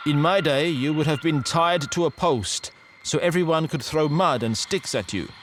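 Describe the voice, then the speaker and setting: A woman's voice: sits low, moderate pace, a little hiss or hum, voice pushed up, lightly acted. A man doing a cold French ghost teacher. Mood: menacing. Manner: cold, formal and threatening. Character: eerie old-fashioned ghostly female substitute teacher, cold and menacing.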